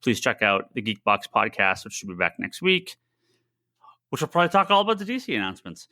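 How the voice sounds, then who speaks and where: A man with a Boston accent talks loosely on a podcast, wandering through his points with frequent "uh"s and the odd curse. His tone is bright and forward, recorded close and dry. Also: on the low side, very animated, a little fast, dry recording. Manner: loose and rambling, swears freely, frequent "uh". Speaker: podcast co-host. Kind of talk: casual chat.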